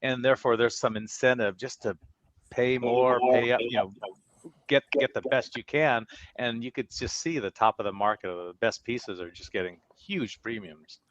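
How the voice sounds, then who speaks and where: A man's voice: mid-range voice, normal speed, a bit bright, no room sound, highs cut off. A man on a video call commenting thoughtfully on the comic art market in a casual discussion. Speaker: panelist.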